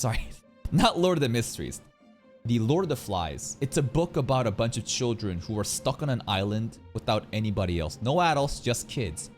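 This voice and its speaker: A man hosting an anime reaction, talking casually in an animated, slangy and profane way, often saying "bro". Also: mid-range voice.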